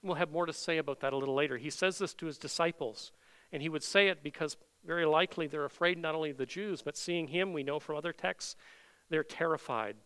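In an expository sermon, a man reads scripture aloud earnestly, slowing down to stress the quoted words. His voice is a little high, fairly bright, and smooth.

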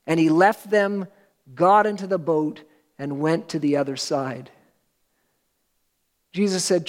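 A pastor preaching a sermon to a church congregation, earnest and emphatic, with slow, weighty pauses. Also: male voice, sits high, darkish tone.

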